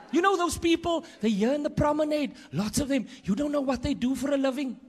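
A man with a South African accent doing a stand-up comedy routine, energetic and punching his lines up with loud bursts. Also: very high voice, brisk, few pauses.

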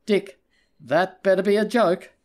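A man's voice: sits high, a little slow, pitched above the performer's own voice. Male reader doing a cutting, sarcastic female private eye for an audiobook; slightly raised voice. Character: sharp-tongued female private investigator.

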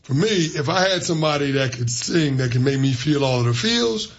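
A male sports radio co-host with a notably high voice that leaps around with energy. He talks in emphatic, playful, colloquial bursts. The broadcast sounds dull and lo-fi, with faint noise behind. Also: lively intonation, fairly quick. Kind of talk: casual studio banter.

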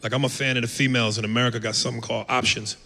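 Gravelly-voiced guy doing rowdy stand-up, big echoey club, noisy room. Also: mid-range voice, level tone, very fast, bright, forceful tone. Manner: brash, profane, acts out voices. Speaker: stand-up comedian. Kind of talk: stand-up set. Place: comedy club stage. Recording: live club mic with echo and noise.

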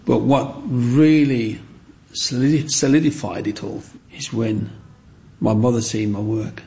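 A man's voice: mid-range voice, steady tone, measured pace, dark tone. A man, telling stories from his childhood in an interview and acting out other children's voices when he quotes them. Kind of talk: reminiscing storytelling.

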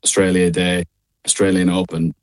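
Irish midlands accent, young man, lowish voice, relaxed chatty guest, quick to laugh. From Ireland. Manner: laid-back, laughs often. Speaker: guest singer. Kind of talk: casual radio interview.

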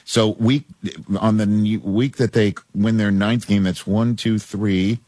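A man's voice: on the low side, fairly even intonation, a little slow, a little mellow, dry recording. A man hosting a sports talk radio show, trading brash, teasing banter with callers. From New York area.

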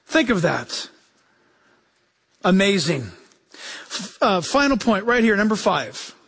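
A male pastor preaching a lively sermon, acting out quoted voices and chuckling as he goes. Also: high-pitched, slow.

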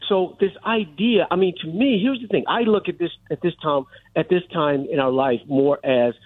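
A man's voice: fairly high pitch, normal speed. Insistent middle-aged male caller on a phone line. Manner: insistent, argumentative, holds the floor. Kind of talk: call-in radio talk.

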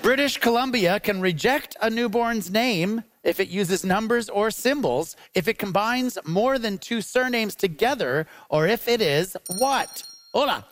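A man's voice: high-pitched, lively intonation, measured pace, hardly any pauses, poor audio. A man hosting a live comedy debate show on a theatre stage, with punny, upbeat emcee patter. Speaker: game show host. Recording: loud live crowd and noise. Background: audience applause and laughter.

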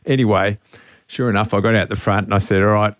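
A man's voice: lowish voice, steady tone, fast, no echo, clean studio sound. A middle-aged man telling a rambling, sentimental story in a casual radio chat.

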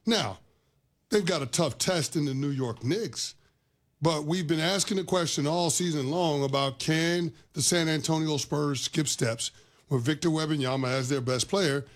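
A male sports radio host making his case in a studio, his voice sitting a little high for a man. He argues with animated energy, stumbling and restarting words as he pushes his point. The delivery is conversational studio debate. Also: normal speed. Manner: animated argument with stammered restarts.

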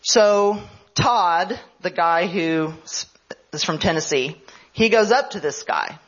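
A woman's voice: lowish voice, lively intonation, slow. A woman history professor giving a conference lecture, telling events as a story and explaining them as she goes. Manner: storytelling, explanatory, checks in with "right?". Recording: slightly dull lo-fi radio broadcast.

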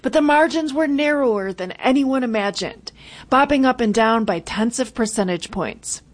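Female station reporter, slightly high voice, brisk news read.

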